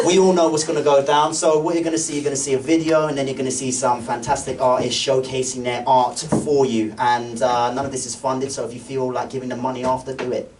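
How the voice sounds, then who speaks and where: A man's voice: medium pitch, normal speed, noisy background. A male comedian, the MC doing cheeky, teasing crowd work and laughing often. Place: live event venue with audience. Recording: distant mic, crowd laughter.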